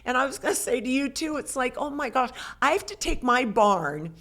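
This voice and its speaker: A woman's voice: high-pitched, big pitch swings, a little fast, fairly bright tone. A middle-aged woman co-hosting a podcast, talking casually in a motherly, reassuring way with folksy sayings. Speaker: podcast co-host. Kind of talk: casual chat.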